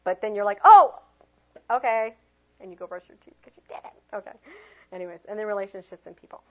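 A woman teaching a workshop on children's ministry, telling lively stories and acting out quoted voices in a high bright tone. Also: very fast. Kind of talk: workshop talk. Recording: dull lo-fi recording.

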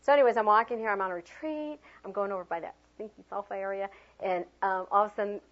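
A woman teaching a workshop on children's ministry, telling lively stories and acting out quoted voices in a high bright tone. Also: fast talker. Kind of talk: workshop talk. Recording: dull lo-fi recording.

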